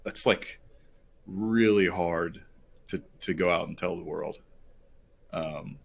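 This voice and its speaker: A man's voice: sits low, slow, vocal fry, breathy edge. A man being interviewed on a podcast, telling a personal story in an earnest, rambling way with many fillers. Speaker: podcast guest.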